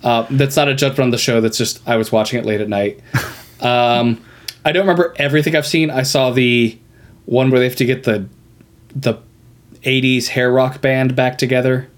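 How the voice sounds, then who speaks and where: A man's voice: mid-range voice, steady tone, normal speed. A man chatting casually as a podcast co-host, rambling with many ums and unfinished phrases. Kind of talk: casual chat about a cartoon.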